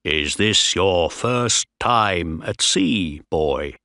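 Man doing stern captain, strict, order-barking, low and slow, dry storybook audio. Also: animated, bright, forceful tone, no room sound, full character voice.

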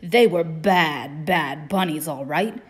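A woman's voice: low voice, takes it slowly, husky. A woman reading a children's storybook aloud, with a playful pirate-themed delivery.

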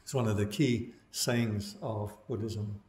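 A man teaching meditation as a Buddhist monk, giving a dhamma talk in a relaxed storytelling way with wry asides. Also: on the low side, slow pace, slight background noise. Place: meditation class in a room. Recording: roomy echo.

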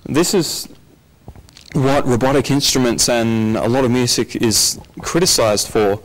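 A man's voice: medium pitch, measured pace, rough recording. A man presenting a technical conference talk, explaining plainly and handing over to a colleague.

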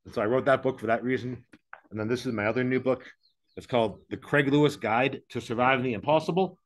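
A man's voice: mid-range voice, quick pace. Male interview guest, candid and meandering, self-mocking, recorded over a video call. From English-speaking, living in Mexico. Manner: frank, rambling, self-deprecating.

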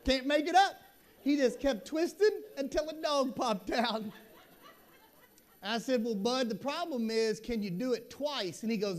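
A middle-aged man giving a conference keynote, telling stories in a folksy, animated way with asides to the audience. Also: very high voice, unhurried. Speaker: school superintendent giving a keynote. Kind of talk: storytelling conference talk.

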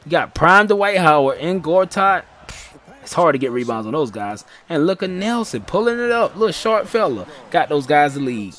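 Excitable man calling a basketball game. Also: fairly high pitch, normal speed. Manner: excitable, slangy, heckling his own players. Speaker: gaming channel host. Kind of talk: casual play-by-play commentary over a basketball video game.

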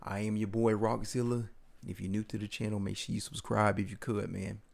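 A man's voice: fairly low pitch, little pitch movement, a little fast, vocal fry. A man hosting a horror game let's play, talking casually and yelping and shrieking when chased. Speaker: gaming channel host. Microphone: streaming mic with a VTuber avatar.

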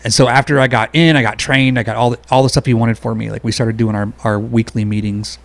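Brief: male veteran guest, gravelly voice, fast and blunt storytelling. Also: mid-range voice, flat delivery, dry recording. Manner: blunt, quick, conversational. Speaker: Army veteran and singer-songwriter guest. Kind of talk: casual interview storytelling.

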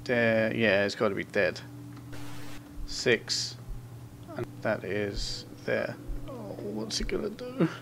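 Gravelly-voiced man muttering through a horror game. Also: mid-range voice, huge pitch swings, fairly bright tone, slight background noise. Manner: muttering asides, reads notes aloud in quick bursts. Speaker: gameplay commentator.

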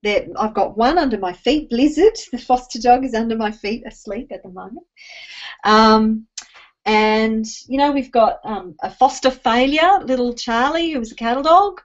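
An Australian woman with a slightly high voice tells a personal story, teary and halting, full of ums and restarts. The sound is dull and lo-fi, like a home recording. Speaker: speaker addressing an online audience. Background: rain.

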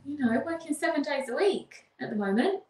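A woman's voice: high voice, animated, a little fast, darkish tone. A woman co-hosting a live stream, blunt and teasing in casual chat. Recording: echoey room, a little far from the mic.

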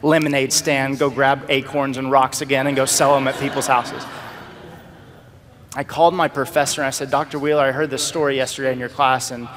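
A man sharing a personal testimony as a storytelling sermon, acting out the dialogue in a lively way. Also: medium pitch, fairly quick, in a large hall.

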